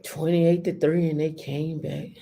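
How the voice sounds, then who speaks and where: A woman's voice: low-pitched, little pitch movement, measured pace, gravelly, mellow. A woman hosting a live stream, chatting casually and talking straight to her viewers. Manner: chatty, addresses viewers directly.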